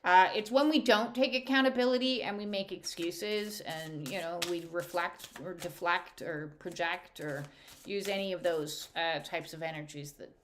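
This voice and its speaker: A woman's voice: on the low side, normal speed, a little hiss or hum. A woman speaking as an intuitive counsellor, giving a heartfelt spiritual guidance talk with emphatic repetition.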